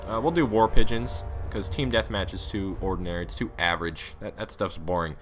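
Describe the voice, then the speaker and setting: A man doing excitable, rambling commentary over his own gameplay into a USB desktop microphone at his home computer. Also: low voice, a little fast, soft background music. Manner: rambling, excitable, talks to viewers. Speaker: gaming YouTuber.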